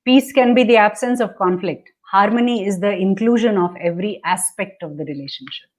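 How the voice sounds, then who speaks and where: A woman's voice: medium pitch, brisk. A woman coaching on relationships, dictating step by step over a video call and acting out the attitudes she describes. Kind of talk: instructive conversation.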